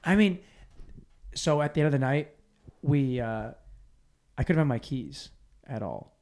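A man's voice: medium pitch, lively intonation, a little slow, vocal fry, darkish tone. A man hosting a podcast, telling a boozy night-out story in casual, profane chat, acting out quotes. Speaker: podcast host.

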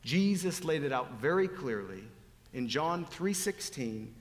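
A man preaching a sermon, dropping to hushed whispers and rising to loud, pleading appeals. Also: on the high side, animated, unhurried. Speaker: pastor. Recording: long hall reverb.

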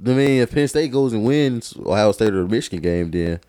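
Young man, very low voice, lively pitch, slangy relaxed sports chat. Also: a little fast, clear, resonant tone, dry recording, clean studio sound. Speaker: podcast co-host.

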